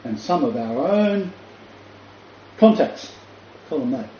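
A man's voice: mid-range voice, very animated, slow pace, warm tone. Emphatic older man teaching, echoey room. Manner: emphatic, repeats key phrases, many fillers. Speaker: Christian ministry leader. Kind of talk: casual teaching talk. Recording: roomy lo-fi recording with faint noise.

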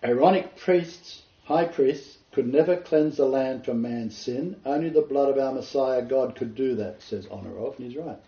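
Guy teaching a bible study, mellow voice, kinda far off in an echoey room, dull sound. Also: medium pitch, moderate pace, hardly any pauses. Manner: earnest, explanatory, quotes scripture and commentators. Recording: roomy, distant, dull lo-fi sound.

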